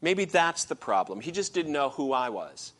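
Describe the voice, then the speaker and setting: A man's voice: fairly high pitch, sing-song, moderate pace, fairly bright tone. A man preaching voices a woman, a former lover, calling out eagerly to an old flame in a raised voice. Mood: puzzled, pleading. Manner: raised voice calling across a street. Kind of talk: sermon storytelling.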